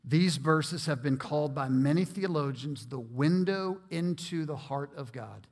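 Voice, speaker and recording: A man's voice: on the high side, measured pace, a little mellow. A man preaching a sermon as pastor, earnest and emphatic, often repeating words as he works toward a point. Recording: long reverb of a large hall.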